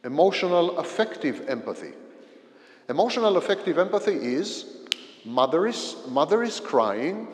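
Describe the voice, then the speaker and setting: A man giving a psychology lecture at a university, explaining slowly, repeating key phrases and giving everyday examples. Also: a little high, very animated. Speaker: visiting psychology professor. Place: lecture hall. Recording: long reverb of a lecture hall.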